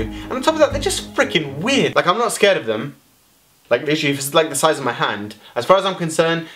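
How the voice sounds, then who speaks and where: A man's voice: on the high side, a bit bright. A young man, ranting animatedly to camera in a casual vlog, full of swearing and exaggeration. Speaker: vlogger.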